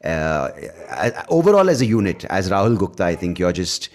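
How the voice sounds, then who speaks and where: A man hosting a podcast in casual chat, blunt and quick to swear when riled. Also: sits low, big pitch swings. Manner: blunt, swears freely, gets heated. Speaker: podcast host.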